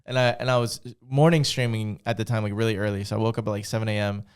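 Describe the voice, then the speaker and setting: Smooth-voiced young man telling a story. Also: on the low side, fast. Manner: animated storyteller, swears a lot, acts out quoted lines. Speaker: podcast host. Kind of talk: casual chat, storytelling.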